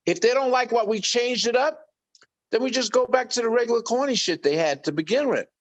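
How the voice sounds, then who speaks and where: A middle-aged man, a guest on an interview podcast telling animated stories and acting out quoted voices. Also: extremely high pitch, a little fast, dull audio. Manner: lively anecdotes, acts out quoted voices. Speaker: guest musician.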